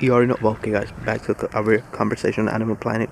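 A young man casually vlogging outdoors by the water in light rain, talking excitedly and slangily straight to his viewers on a handheld phone. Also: lowish voice, quick pace, gravelly, hardly any pauses. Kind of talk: casual outdoor vlog chat. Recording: outdoor phone audio with street noise.

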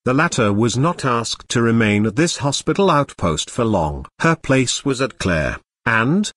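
Give me a text-to-speech man narrating an audiobook, with a lively, rising and falling pitch. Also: a little slow, no room sound. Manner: evenly paced machine reading. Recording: dry close text-to-speech voice.

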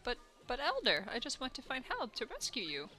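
A woman's voice: high voice, wildly swooping pitch, fairly quick, pushed and bright, faint music behind, pitched above the performer's own voice, heavily acted. A woman voicing an earnest young male bug-like creature in a video game. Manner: earnest, pleading.

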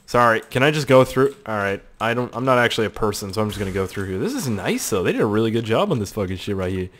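A man giving excitable, crude let's-play commentary, swearing a lot and joking to himself. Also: on the low side, quick pace, slight background noise. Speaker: gaming video host.

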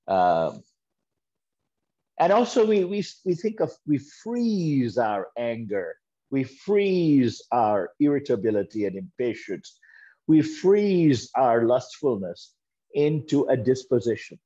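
A man speaks slowly and deliberately while delivering a sermon, and he tells parables in which he voices each character. He leans on repeated phrases to make his point. The recording sounds dull and lo-fi, like a church video. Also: medium pitch, big pitch swings, warm tone, slightly rough. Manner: storytelling with quoted voices and emphatic repetition. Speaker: guest speaker at a church service.

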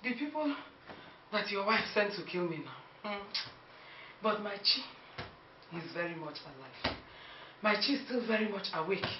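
An actress with a Nigerian accent playing an older Igbo mother-in-law, emotional, swinging from hushed to shouting, recorded from a distance in an echoey space. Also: medium pitch, sing-song, unhurried, dull audio, background noise. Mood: fearful. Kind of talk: film acting.

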